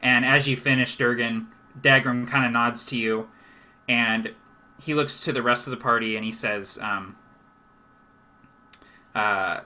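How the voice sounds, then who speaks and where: A man running a tabletop game, describing scenes in a loose, talky way. His voice is bright and cutting, sitting at a middle pitch. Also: steady tone, a little slow, long pauses. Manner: descriptive, with filler words like "like" and "sort of". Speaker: game master.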